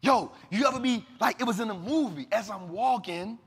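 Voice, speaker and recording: A man host telling a story dramatically to an audience, acting out the dialogue and swinging between loud and hushed. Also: sits high, moderate pace, husky, big-room sound.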